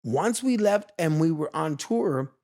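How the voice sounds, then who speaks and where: A man in his fifties from Los Angeles, a guest in a casual interview, telling lively stories and acting out other people's lines. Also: fairly high pitch, measured pace. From Los Angeles, USA. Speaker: guest, veteran street dancer. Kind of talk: animated storytelling in a casual interview.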